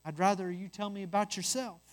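A calm, patient firstborn son sent to bring his brothers home, voiced by a storyteller. He speaks steadily, close to the narrator's own voice. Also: mid-range voice, a little fast, natural voice.

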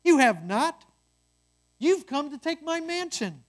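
A stubborn, scornful brother who defends his humble hut as a mansion, put on by a storyteller. His voice sits a bit higher and louder than the narration, insistent and defensive throughout. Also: very animated, slow, full character voice.

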